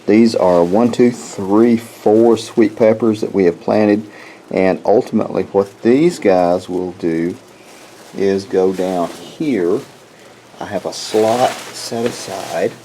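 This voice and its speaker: A man with a somewhat low voice talks very slowly and casually outdoors in his garden. He rambles in a folksy way and keeps restarting and repeating words. A faint hiss sits under his voice. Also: dark tone, low-quality recording. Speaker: homestead vlogger. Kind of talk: casual walk-through chat.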